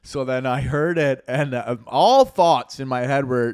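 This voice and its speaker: Young Canadian guy, podcast co-host, rambling laughing storyteller, smooth voice, dry close mic. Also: mid-range voice, normal speed, few pauses, no room sound. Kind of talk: casual storytelling chat.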